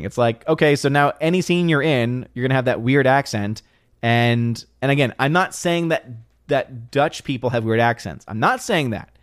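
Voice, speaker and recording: Male live-stream host, middle pitch, chatty and loose, dry close sound. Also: no echo. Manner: chatty, thinks aloud with restarts and small laughs. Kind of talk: casual live stream chat.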